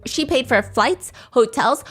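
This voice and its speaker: A woman host telling a story in a casual, animated way, laughing often and swearing freely. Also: high-pitched, a little slow, soft background music.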